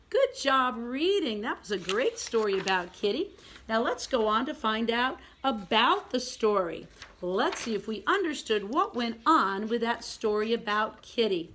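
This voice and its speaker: A woman teaching a pre-K reading lesson, giving gentle step-by-step instructions and reading each sentence aloud slowly and with exaggeration. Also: fairly high pitch, very animated. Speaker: preschool teacher.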